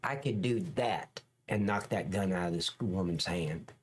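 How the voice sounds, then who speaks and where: A man's voice: low voice, unhurried, a little hiss or hum. A man hosting a livestream, giving blunt, profane, opinionated reaction commentary on police footage.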